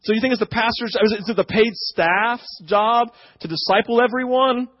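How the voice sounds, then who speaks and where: A man with a high, husky voice preaches an emphatic sermon, swelling louder and then sinking quiet again. The sound is dry and a little dull, like a lo-fi recording. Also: normal speed, no echo. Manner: emphatic, rising and falling in volume. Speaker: pastor.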